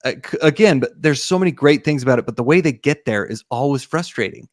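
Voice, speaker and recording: A man's voice: mid-range voice, expressive, fast, dry recording. A man with an ordinary mid-range voice gushes about films in a loose, rambling way, full of "like" and restarts. The sound is close and dry. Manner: enthusiastic, rambling, many fillers and restarts. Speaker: podcast co-host. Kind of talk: casual film discussion.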